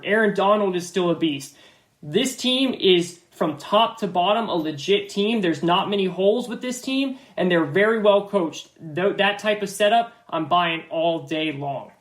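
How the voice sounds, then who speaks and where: A man's voice: sits high, reverberant. A man hosting a football podcast, giving confident, emphatic opinions and often repeating his phrases. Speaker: podcast host. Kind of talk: sports podcast analysis.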